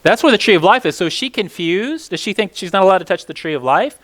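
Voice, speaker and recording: A man's voice: high voice, lively intonation, quick pace, a bit bright. A man leading a casual Bible teaching session, talking conversationally with many fillers and asking the group questions.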